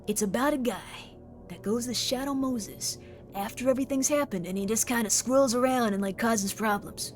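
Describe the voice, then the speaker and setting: Woman streamer, high-ish voice, chatty and excitable, faint music bed. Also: moderate pace. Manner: chatty, excitable, reads chat aloud. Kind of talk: live stream chat.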